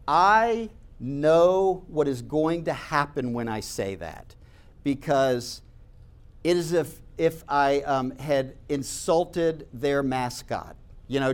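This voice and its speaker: A man telling stories in a conversational way, speaking straight to his listeners and acting out the voices he quotes. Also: a little high. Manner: conversational, addresses listeners directly. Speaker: speaker recounting campus talks. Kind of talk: animated storytelling talk.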